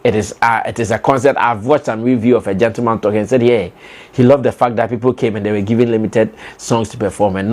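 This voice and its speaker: A young Ghanaian man with a Ghanaian accent delivers animated, emphatic entertainment commentary packed with rhetorical questions and fillers. His voice is lowish with a darkish tone.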